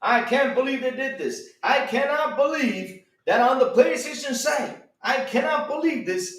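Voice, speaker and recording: A man hosting a casual live stream, reacting excitedly with mock outrage and talking straight to his chat. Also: very high-pitched, moderate pace, roomy sound. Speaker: streamer host.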